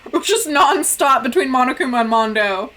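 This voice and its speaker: Bright high-voiced emotional woman streamer. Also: lively intonation, a little fast. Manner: emotional, swearing, laughing through tears. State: hoarse. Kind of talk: live game-stream reactions.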